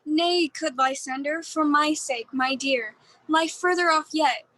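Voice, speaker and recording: A woman playing the young maiden Hermia, delivering verse slowly and carefully in a community theatre reading. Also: sits high, sharp tone, no room sound, rough recording. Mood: tender.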